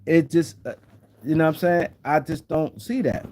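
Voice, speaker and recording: This sports talk show host streams casual commentary at a moderate pace, his voice slightly high yet warm and mellow. He rambles, returning to his points repeatedly, and occasionally pauses to address viewers in the chat.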